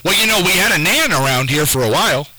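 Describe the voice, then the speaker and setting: A man's voice: a little high, expressive, fast, over a noisy crowd, poor audio. A man hosting a call-in radio quiz show from a station studio, taking callers and spelling out names letter by letter.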